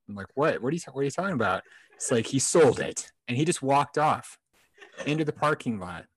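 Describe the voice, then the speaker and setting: A man's voice: medium pitch, expressive, fast talker, fairly bright tone, husky, no echo. A man hosting a podcast, chatting casually with lots of "you know" and restarts. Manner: conversational, full of fillers and restarts. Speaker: podcast host. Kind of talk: casual chat.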